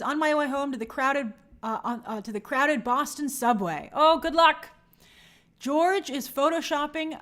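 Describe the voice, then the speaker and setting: A woman hosting a live stream from her home in New York, reading viewer comments aloud and giving friendly shout-outs in a chatty, apologetic way. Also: high voice.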